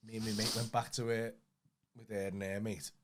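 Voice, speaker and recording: A man's voice: lowish voice, little pitch movement, fairly quick, noisy background. Sweary Liverpudlian man telling stories. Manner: sweary, rambling anecdote-telling. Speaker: podcast co-host. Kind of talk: casual chat, storytelling.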